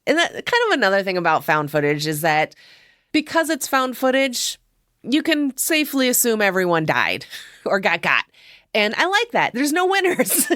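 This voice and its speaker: A woman's voice: medium pitch, a bit bright, clear, resonant tone, no room sound, studio quality. A woman podcast host giving a chatty movie recap, swearing freely and laughing often.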